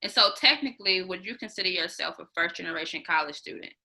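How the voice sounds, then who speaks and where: A woman interviewer whose voice sounds very bright and sharp, sitting a little low in pitch. She asks long, searching questions in a casual tone. She acknowledges each answer with a quick "gotcha". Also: expressive, poor audio.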